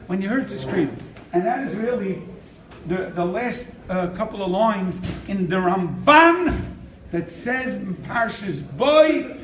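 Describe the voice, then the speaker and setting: An older man gives a lively sermon, acting out the people in his stories. His voice sits very high, and he is heard from a distance across a roomy, echoing hall. A faint hum of background noise lies under him. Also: takes it slowly. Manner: animated, acts out quotes, laughs often. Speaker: rabbi. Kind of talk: sermon with storytelling. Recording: echoey room from far off.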